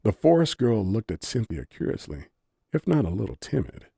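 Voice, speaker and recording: A man narrating an audiobook story in a low-key, softly spoken manner. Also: big pitch swings, normal speed, vocal fry, breathy edge, no room sound, studio quality.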